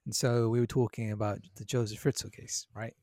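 A man, co-hosting a casual podcast chat in an animated, bantering way. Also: lowish voice, no room sound, clean studio sound. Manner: animated, bantering, quick to laugh. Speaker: podcast co-host.

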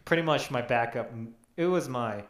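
Young man telling a story in an echoey room. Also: medium pitch. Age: young adult. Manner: rambling, self-deprecating, quick quoting of others. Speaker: podcast co-host. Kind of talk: casual storytelling.

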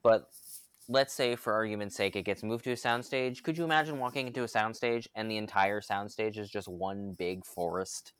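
A man's voice: lowish voice, moderate pace, fairly bright tone, clear, resonant tone, no room sound. A man co-hosting a casual podcast chat, enthusiastic and long-winded, full of fillers and restarts. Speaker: podcast co-host.

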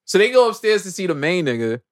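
Guy on a podcast recapping a movie, slangy and animated, voice a bit high and jumps all over. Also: fast talker. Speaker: podcast host.

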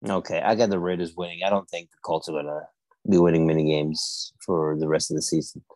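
Low-voiced man hosting a sports chat. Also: fairly quick, no echo. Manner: steady, leads the picks and wraps up the show. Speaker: podcast co-host.

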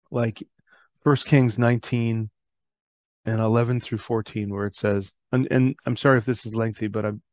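Podcast host, middle-aged man, gravelly, earnest reflective talk, dry close sound. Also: medium pitch, darkish tone, no echo. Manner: earnest, reads scripture aloud, self-correcting.

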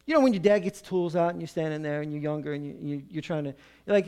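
A middle-aged male pastor preaching a sermon in a conversational way, with humor and quick acted-out asides. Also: a little high, warm tone, smooth.

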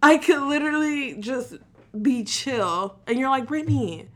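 A woman's voice: high voice, a little slow. A woman co-hosting a casual podcast chat, swearing freely and breaking into laughter as she tells stories. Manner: laughs often, swears freely, animated storytelling. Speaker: podcast co-host.

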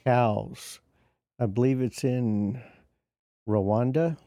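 A man co-hosting a podcast, speaking in a relaxed, measured way. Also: medium pitch, no echo, clean studio sound. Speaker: podcast co-host. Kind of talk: casual chat.

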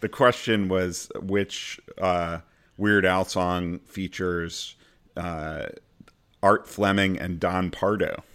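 Deep-voiced man hosting a podcast. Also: steady tone, takes it slowly, fairly bright tone, smooth. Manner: playful, sometimes booming game-show-host delivery. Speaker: podcast host. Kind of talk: casual chat.

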